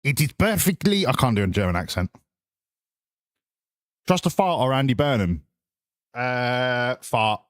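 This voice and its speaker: A man's voice: mid-range voice, expressive, measured pace, long pauses, dry recording, studio quality. A man streaming a game, chatting casually, swearing and riffing sarcastically while reading chat. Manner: sweary, sarcastic, rambling, reads chat aloud.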